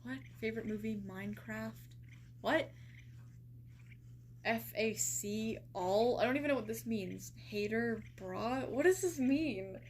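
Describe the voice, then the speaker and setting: A woman's voice: on the high side, steady tone, measured pace, slight background noise. A young woman streaming live, chatting casually with lots of fillers and incredulous reactions.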